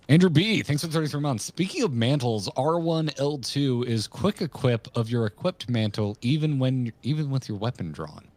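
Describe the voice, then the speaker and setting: A man co-hosting a game stream, chatting casually and joking with friends, often breaking into loud exclamations. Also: medium pitch, normal speed, hardly any pauses, no echo. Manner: animated, jokey, swings into loud exclamations. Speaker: streamer and co-host. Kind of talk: casual gameplay banter.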